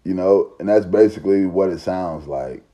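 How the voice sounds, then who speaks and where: Deep-voiced, dark-toned man. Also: normal speed, muffled recording. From Southern United States. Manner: profane, rambling, emphatic. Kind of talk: casual monologue.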